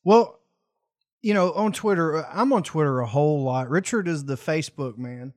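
A man's voice: on the high side, expressive, moderate pace, a little mellow, no echo, studio quality. A man co-hosting a podcast, joking and telling a story in casual chat. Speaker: podcast co-host.

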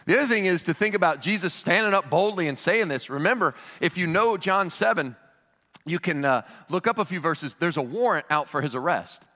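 Male pastor, fairly high voice, emphatic sermon delivery, long hall reverb. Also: a little fast. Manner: animated, rising to shouts on key lines.

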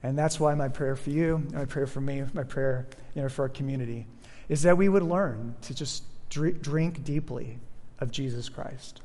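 A man pastor preaching a sermon in a relaxed, conversational way, with restarts and fillers. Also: mid-range voice, moderate pace, big-room sound. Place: church sanctuary.

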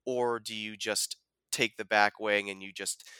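A man co-hosting a podcast, chatting casually about a film, animated and full of fillers, acting out quotes. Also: on the low side, measured pace, clear, resonant tone, no room sound. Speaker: podcast co-host.

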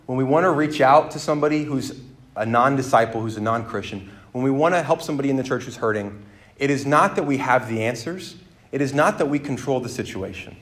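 A man preaching a sermon, moving between quiet reflection and loud, emphatic exhortation. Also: medium pitch, fairly quick.

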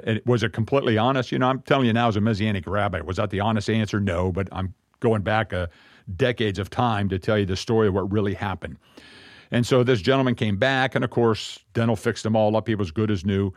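A middle-aged man, a Messianic rabbi, telling a personal story as a sermon in an earnest, reflective way, with pauses and restarts. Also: lowish voice, no room sound, clean studio sound.

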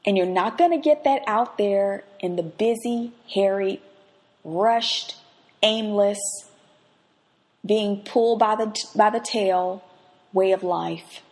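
A woman who hosts a faith podcast and teaches the Bible gives devotional teaching woven with personal stories. Her mid-range voice moves slowly and expressively, shifting from hushed reflection to lively anecdote.

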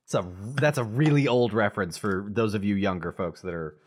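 Lively, joking man on a podcast. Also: fairly low pitch, brisk. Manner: joking, playful storytelling. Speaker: podcast guest, lore expert. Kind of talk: casual podcast chat.

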